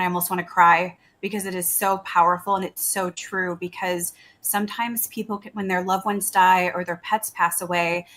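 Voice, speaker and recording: A woman's voice: medium pitch, fairly bright tone. A middle-aged woman, a psychic medium guest, chatting in a friendly, earnest way. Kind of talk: casual interview chat.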